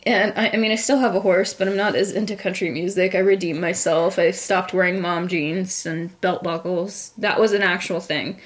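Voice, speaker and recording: A young woman tells a rambling personal story on a chatty podcast, poking fun at herself and breaking into laughs. Her voice sits in a middle range, and her delivery is lively and casual. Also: medium pitch. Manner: animated, self-deprecating, laughs often. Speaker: podcast co-host.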